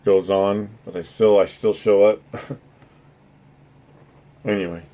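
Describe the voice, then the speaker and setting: A man's voice: fairly low pitch, fairly even intonation, takes it slowly, warm tone. A man chatting casually on his livestream, rambling and earnest, swearing freely as he thanks his viewers. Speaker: streamer.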